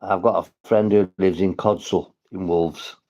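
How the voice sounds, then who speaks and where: A man's voice: low-pitched, fairly even intonation, a little slow, dark tone, highs cut off. A man from St Helens with a northwest English accent, rambling and swearing as he chats to viewers on a casual livestream. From St Helens, England.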